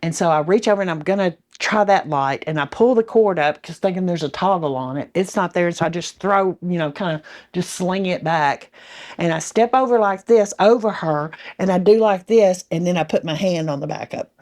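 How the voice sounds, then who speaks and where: A woman from Arkansas, telling a memory in an interview in a halting, vivid way with restarts. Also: on the low side, darkish tone.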